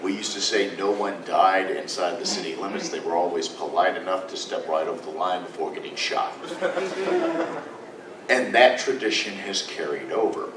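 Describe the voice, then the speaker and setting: A man's voice: low voice, moderate pace. A man, a lawyer, telling a story to a convention audience in a dry, matter-of-fact way. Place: convention panel room. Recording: echoey room from far off with noise.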